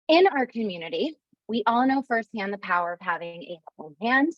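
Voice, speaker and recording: A woman hosting a webinar on a video call, giving a heartfelt farewell speech with halting fillers. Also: mid-range voice, animated, no echo, highs cut off. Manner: warm and emotional, halting with fillers. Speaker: webinar host.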